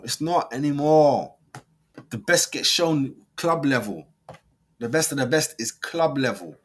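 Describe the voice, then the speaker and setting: A man, a football fan vlogger, ranting heatedly in slang, jumping from loud mocking outbursts to low muttering. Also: slightly rough. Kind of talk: reacting and ranting to camera.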